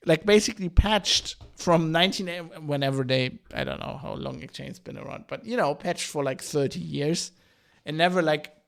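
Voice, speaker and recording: High-voiced man in a profane rant. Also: vocal fry. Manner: profane, exasperated, many restarts and "like" fillers. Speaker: podcast host. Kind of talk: ranting podcast monologue.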